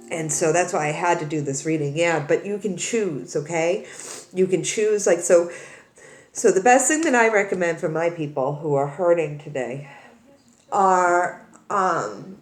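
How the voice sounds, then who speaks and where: A woman who reads tarot speaks directly to the camera in an echoey room, her voice lowish. Earnest and emotional, she cries while comforting her viewers, often repeating herself and starting over.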